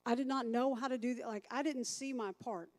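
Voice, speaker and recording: A woman's voice: a little high, steady tone, a little fast. A woman teaching a recovery class as a sponsor, chatty, thinking aloud and asking the group questions.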